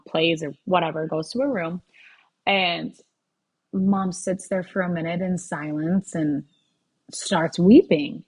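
A woman in her thirties telling a personal family story in a casual, heartfelt way, with frequent fillers. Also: lowish voice. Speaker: vlogger.

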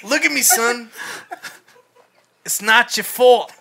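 A man reenacting an older therapist in an exaggerated put-on Boston accent, loud and pushy. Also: very high-pitched, slow pace, creaky, heavy background noise, voice pushed up, exaggerated voice. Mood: hammy.

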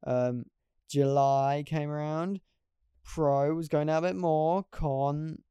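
A man's voice: on the high side, fairly even intonation, takes it slowly, warm tone, clear, resonant tone, no echo, highs cut off. A young man hosting a casual solo podcast, rambling and poking fun at himself. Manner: rambling, self-deprecating, laughs at himself. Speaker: podcast host.

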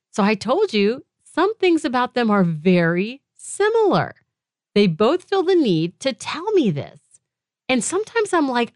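A middle-aged woman hosting her own podcast, talking in a frank, chatty way with animated, mock-disgusted asides, recorded close to a studio mic. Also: medium pitch, dry recording. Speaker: podcast host. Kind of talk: casual solo podcast talk.

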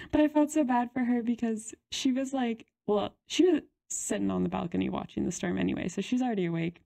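A woman's voice: on the high side, a little fast, gravelly, dark tone. A young woman co-hosting a podcast, telling a story in a chatty way with lots of "like" and giggles. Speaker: podcast co-host. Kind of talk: casual storytelling chat.

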